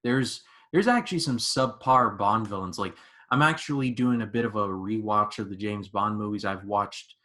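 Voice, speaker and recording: A man's voice: on the low side, normal speed. A man in his twenties hosting a podcast, chatting casually and animatedly about movies with plenty of "like". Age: 20s. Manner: animated storyteller, lots of "like". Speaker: podcast host. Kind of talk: casual movie review chat.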